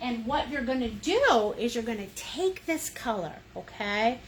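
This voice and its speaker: A fairly high-voiced woman leads a livestream painting class in a chatty, playful way. Her pitch swoops and bounces as she encourages viewers. A faint fan hums in the background. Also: fairly bright tone, slight background noise. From United States. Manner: chatty, playful, encouraging, sings little sound effects. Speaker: painting instructor. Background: fan running.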